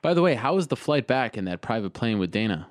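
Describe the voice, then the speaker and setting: A man's voice: medium pitch, big pitch swings, quick pace, dry recording, clean studio sound. A male host asking questions in an interview, friendly, restarting his questions and laughing along with his guest.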